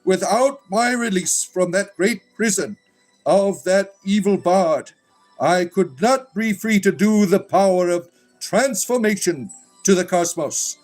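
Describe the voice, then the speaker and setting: A man's voice: darkish tone, soft background music. A man voicing a grandiose demon hand puppet. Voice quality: high, drawn-out, pompous. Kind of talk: comic puppet voice on a livestream.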